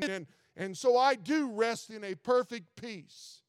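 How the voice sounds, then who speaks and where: A man preaching a sermon, stumbling over repeated words, reading scripture slowly, and building to loud, fervent declarations. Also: very high voice, clean tone, no echo, clean studio sound, in a large hall. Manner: reads old-style scripture slowly. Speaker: pastor.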